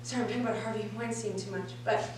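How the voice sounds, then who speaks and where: Racing through a stand-up set on a comedy club stage, this twentysomething woman swears freely and keeps cracking up at her own jokes as she tells animated stories. Her voice is mid-range, captured from a distance in an echoey room, with an audience and a little hiss or hum audible.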